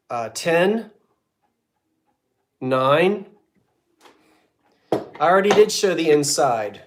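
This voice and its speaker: A man's voice: fairly high pitch, animated, very slow, long pauses. A man hosting a live online sale, counting down bids and teasing regular buyers in casual chat. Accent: American. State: coughing fits. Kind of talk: live auction selling chat.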